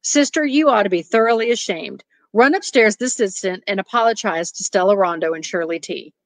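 A woman's voice: medium pitch, lively intonation, brisk, no echo, close to an everyday voice. A woman voicing a stern, heavyset Southern mother who scolds her daughter, in a storybook reading. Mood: shrill, demanding. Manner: indignant, scolding.

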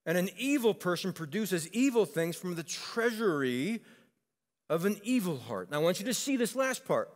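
Male pastor, slightly high voice, casual storytelling sermon, long church-hall reverb. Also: moderate pace. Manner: conversational, animated storytelling with acted quotes.

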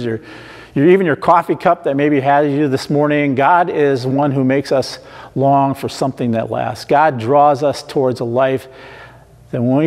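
A man preaching an online sermon in a church, slow and emphatic, repeating questions to the listeners. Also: medium pitch, a little mellow. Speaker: pastor. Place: church sanctuary. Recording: long hall reverb.

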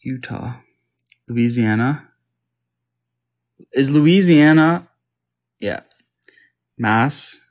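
This Canadian gamer has a medium-pitched, darkish voice and speaks extremely slowly, with long pauses. He's chatting casually to himself over a map quiz game, confused but making jokes.

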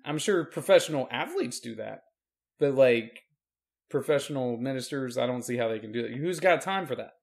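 Gravelly man with dry, teasing banter. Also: mid-range voice, animated, moderate pace. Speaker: pastor and podcast co-host. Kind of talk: casual chat.

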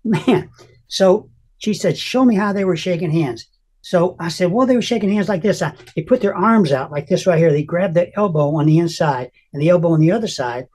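A man's voice: sits high, fairly quick, a little mellow. An older man, a guest in an interview, earnestly telling a personal faith testimony and acting out the lines he quotes. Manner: emotional, earnest storyteller who acts out quotes.

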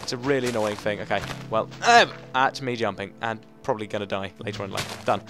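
A man's voice: fairly low pitch, fairly quick, hardly any pauses, a bit bright, soft background music. A man giving casual gaming commentary, chatting to himself and joking with mock drama. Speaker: Let's Play gamer.

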